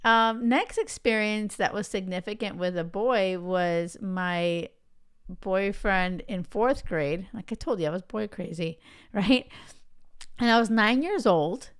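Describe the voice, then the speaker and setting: A woman's voice: mid-range voice, slow, smooth. A woman hosting a podcast, telling personal stories in a chatty way and checking in with listeners. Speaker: podcast host. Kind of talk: casual storytelling monologue.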